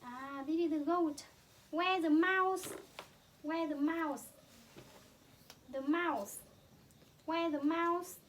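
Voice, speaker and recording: A Vietnamese-accented mother teaching her child English with hand puppets, repeating words slowly and imitating animal sounds. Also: extremely high pitch, a little hiss or hum.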